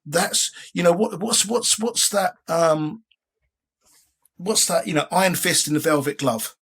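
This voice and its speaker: A man in his sixties appears as a guest in a casual interview, rambling along with frequent restarts and filler phrases. His voice sits high and is a bit bright and slightly rough, delivered at a measured pace.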